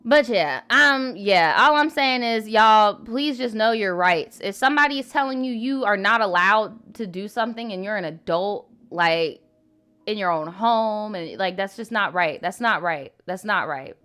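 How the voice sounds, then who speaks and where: A woman's voice: medium pitch, lively intonation, moderate pace, bright, forceful tone, smooth. A young woman hosting a live advice stream, talking bluntly and animatedly with plenty of swearing. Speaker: live advice show host.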